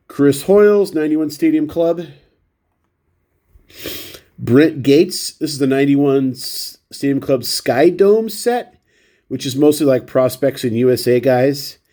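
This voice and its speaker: Guy with a stuffy runny nose rambling about his cards, warm mellow voice, kinda self-deprecating. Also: mid-range voice. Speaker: baseball card vlogger. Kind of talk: casual chat.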